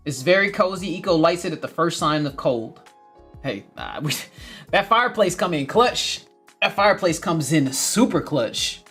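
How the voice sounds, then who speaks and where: A man's voice: a little high, lively intonation, normal speed, fairly bright tone, breathy edge, soft background music. A man hosting a gardening livestream, reading viewer comments in a casual chat, laughing often and repeating his phrases.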